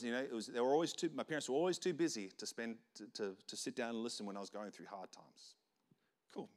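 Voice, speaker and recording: A man's voice: medium pitch, a bit bright. A young man giving a casual leadership lesson, talking conversationally and acting out short everyday dialogues. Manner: conversational, acts out little dialogues, many restarts. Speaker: leadership teacher. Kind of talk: casual teaching talk.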